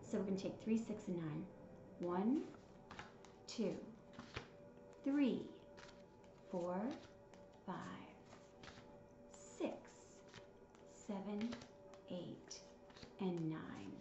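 A woman with a mid-range, lively voice gives a tarot reading, counting out cards and musing aloud with feeling as she interprets them. She speaks very slowly and pauses often. The recording sounds slightly dull and roomy, with soft music playing in the background.

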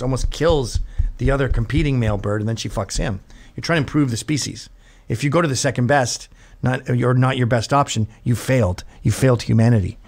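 A middle-aged show host tells a story in casual comedic chat, animated and profane, jumping into high squealing voices to imitate other people.

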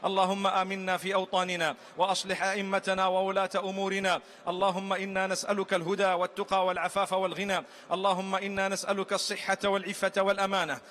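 A man leading Eid prayers, reciting Arabic supplications in a rapid, rhythmic chant. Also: high voice, a bit bright.

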